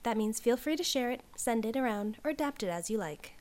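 Woman narrator, slightly high voice, hoarse, casual, self-mocking outtakes. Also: expressive, fairly quick, a little mellow. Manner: reads first-person prose, retakes lines, laughs at her slips. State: hoarse, clearing her throat. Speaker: audiobook reader and author. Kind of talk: story reading with outtakes.

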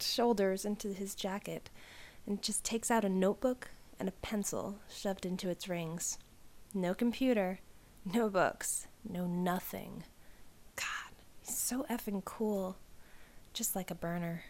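A woman reading a first-person story aloud in a wry, soft-spoken way, redoing lines as retakes. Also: mid-range voice.

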